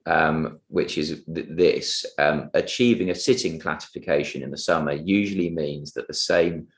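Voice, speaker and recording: A man cross-examining a witness at a public inquiry, polite and halting, with many restarts and fillers. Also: very deep voice, echoey room. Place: public inquiry hearing room.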